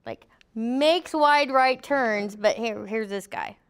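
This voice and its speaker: High-voiced middle-aged woman, joking safety instructor who acts out quotes. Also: slow pace, clean tone. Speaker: safety trainer. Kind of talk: classroom training talk.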